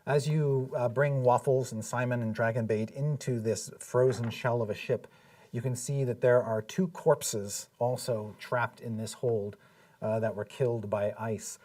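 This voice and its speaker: A man serves as dungeon master, narrating a frozen scene in a steady, descriptive way with plenty of fillers. His voice is husky and middle-pitched. He sits a little back from the microphone. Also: no room sound, recorded from a distance. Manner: descriptive, measured, frequent uh fillers. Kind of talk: narrating a live tabletop game.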